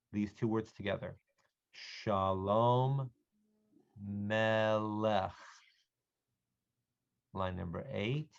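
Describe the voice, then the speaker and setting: Slowly and patiently, a man with a smooth voice on the low side sounds out Hebrew words for adult students to repeat during an online reading class. The audio is dull.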